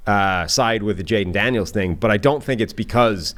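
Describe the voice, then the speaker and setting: A man's voice: on the low side, normal speed, fairly bright tone. A man co-hosting a football podcast, chatting casually and thinking aloud with frequent "right?" tags. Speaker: podcast co-host, football analyst.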